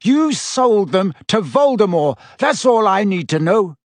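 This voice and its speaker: A man's voice: sits high, moderate pace, no echo, voice pushed up. A man reading an audiobook, voicing an angry teenage boy wizard whose voice shakes as he accuses. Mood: furious. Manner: voice shaking, accusing.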